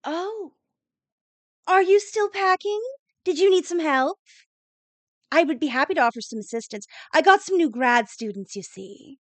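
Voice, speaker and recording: A woman's voice: high voice, animated, no room sound, voice pushed up. A woman voicing a smug, ambitious woman academic who speaks with fake sweetness. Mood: faux sweet. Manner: falsely sweet, quick.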